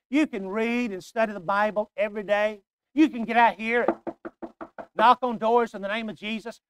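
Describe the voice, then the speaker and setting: An older man preaching a sermon, emphatic and repetitive, swinging from hushed asides to loud declarations. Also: high-pitched, clear, resonant tone, dry recording.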